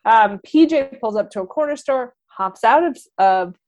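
Brief: woman podcast host, lively storyteller, acts out the dialogue. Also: a little high, moderate pace. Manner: animated storytelling, acts out characters' lines. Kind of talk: casual movie recap chat.

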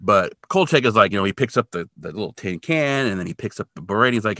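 A man's voice: on the low side, fast talker, hardly any pauses, no room sound, clean studio sound. A man co-hosting a podcast, casually recapping a TV episode and acting out quotes as he goes. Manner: animated retelling, acts out quotes. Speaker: podcast co-host.

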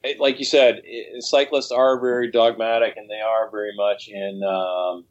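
A man, a cycling coach, talking casually in an interview, animated and rambling, with frequent restarts. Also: on the low side, moderate pace, muffled recording.

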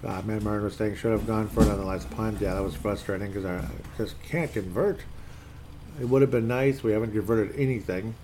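Fed up with his team's game, a sports fan commentator goes on a casual solo rant, rambling and reading posts aloud. He talks a little fast in a fairly low, mellow voice with a steady tone, and a little hiss or hum is audible.

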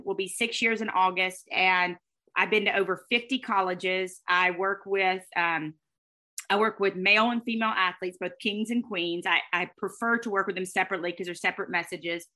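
A middle-aged woman, a guest telling her story in an expressive, fast way. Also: mid-range voice. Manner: fast, expressive, with faith talk and laughter. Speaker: guest, speaker and former sportscaster. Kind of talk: animated storytelling interview.

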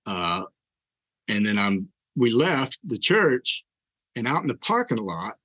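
A man's voice: lowish voice, sing-song, slow pace, pushed and bright, husky, no echo, low-quality recording. An older man, a podcast guest, earnestly telling an emotional personal story with fillers and restarts.

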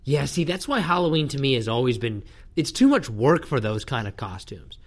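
A man's voice: medium pitch, big pitch swings, normal speed. A man hosting a casual podcast chat with a dry, teasing manner.

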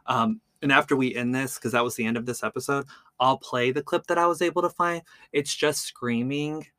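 Bright-voiced man telling a true crime story. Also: medium pitch, a little fast, no room sound. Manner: relaxed, peppered with "like" and "um". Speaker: podcast host.

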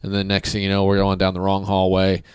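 A man's voice: low-pitched, completely flat delivery, fast, smooth, no echo, studio quality. A man in casual podcast chat, telling a self-deprecating story about an early gig.

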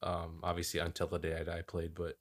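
A man's voice: low voice, fairly quick. A man co-hosting a podcast, telling stories in a joking, profane, casual way. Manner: joking, animated storytelling with swearing. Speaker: podcast co-host.

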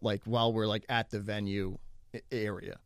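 A man casually telling a story as a guest, animated and acting out what people said, with lots of fillers. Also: on the low side, moderate pace, no echo, studio quality. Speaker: comedian guest.

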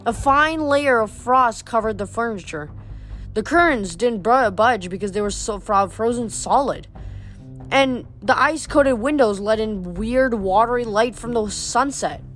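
A woman's voice: a little high, expressive, measured pace, fairly bright tone, soft background music. A woman reading a novel aloud, stumbling and restarting words now and then. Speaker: reader.

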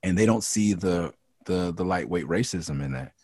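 Deep husky man, frank and profane. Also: expressive, moderate pace, a little mellow, no room sound, clean studio sound. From Los Angeles area. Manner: frank and profane, ramps up when heated. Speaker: rapper and interview guest. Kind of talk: candid casual interview talk.

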